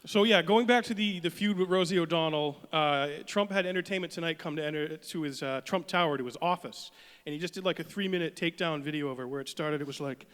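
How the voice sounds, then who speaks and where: A man's voice: on the high side, quick pace, fairly bright tone, clear, resonant tone. A man in his thirties telling a casual comic story on a small arts venue stage. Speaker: comedian. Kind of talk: stand-up comedy duo set. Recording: long hall reverb.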